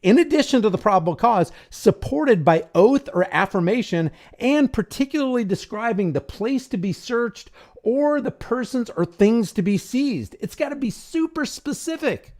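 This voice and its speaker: A man with a high, very animated voice hosting a live commentary stream. He talks in an impassioned, preachy way, pressing every point hard. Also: moderate pace. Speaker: host.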